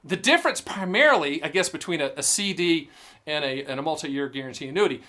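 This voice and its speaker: A man's voice: high-pitched, fast talker. A man hosting his own show, explaining annuities straight to camera in a punchy, jokey sales style. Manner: animated, jokey, punchy catchphrases. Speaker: annuity agent and show host.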